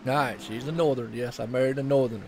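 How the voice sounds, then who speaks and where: A man's voice: medium pitch, steady tone, fast, a crowd in the background. A man with a Southern US accent, commentating a sim race broadcast in a chatty way and laughing often.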